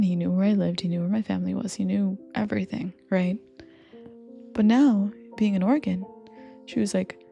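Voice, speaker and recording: A young woman rambling softly in a confiding comfort audio, partly whispered, with lots of fillers. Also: medium pitch, vocal fry. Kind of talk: soft whispered rambling monologue. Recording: faint music behind. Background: soft background music.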